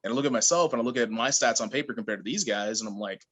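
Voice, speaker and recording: A young man, a pro wrestler, chatting as an interview guest, telling animated stories and laughing often. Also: mid-range voice, rapid-fire, few pauses. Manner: animated storyteller, laughs often, acts out quotes. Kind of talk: casual interview chat.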